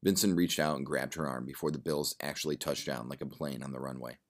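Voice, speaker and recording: A man reading a story aloud in plain, steady narration. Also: very deep voice, brisk.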